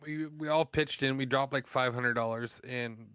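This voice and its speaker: A man telling profane stories in a casual podcast chat, animated and blunt. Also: mid-range voice, moderate pace, smooth. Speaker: podcast host.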